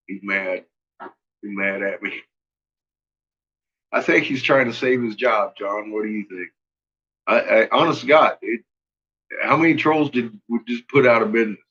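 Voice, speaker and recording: A man's voice: on the low side, a little slow, pauses often, a bit bright, slightly rough, lo-fi sound. A man hosting a casual livestream chat, rambling, swearing freely and laughing often. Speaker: channel host.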